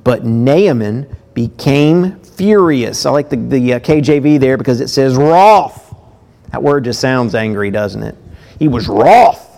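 A man preaching a sermon. He reads scripture aloud with lively emphasis and breaks off into chatty asides to his listeners. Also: on the high side.

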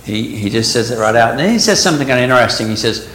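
A man's voice: medium pitch, animated, fairly bright tone. A man leading a casual Bible class, reading verses aloud and stopping to explain them. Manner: talks slowly, reads verses aloud and stops to explain them. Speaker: Bible study teacher. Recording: echoey room, faint background noise.

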